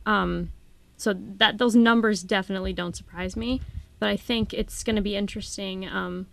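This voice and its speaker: Gravelly-voiced young woman from Minnesota. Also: mid-range voice, fairly even intonation, moderate pace, a bit bright. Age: young adult. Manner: friendly, giggly, earnest. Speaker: guest, college student. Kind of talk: casual radio interview.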